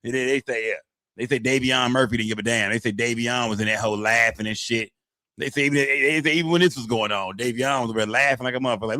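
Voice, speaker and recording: A man rattles along at a quick clip in loose, profane slang, circling back over the same phrases as he talks to his live-stream chat. His voice sits at an ordinary pitch and sounds dry and close, with almost no room around it. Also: bright, forceful tone, no room sound. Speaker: streamer reacting to court footage. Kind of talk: casual live-stream commentary.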